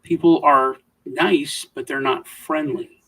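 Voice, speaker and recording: Man, husky voice, a bit high, rambling casual chat, lots of restarts and fillers, show co-host. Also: steady tone, slow pace, sharp tone, far from the mic, rough recording. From United States. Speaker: livestream co-host.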